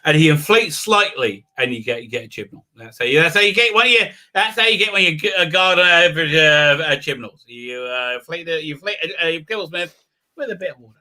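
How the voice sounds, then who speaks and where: A man with a high, very bright and piercing voice hosts a live talk stream. He mocks what he reads in a sarcastic, crude way, swearing freely and often shouting. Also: lively intonation, quick pace. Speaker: show host. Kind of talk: mocking live stream commentary.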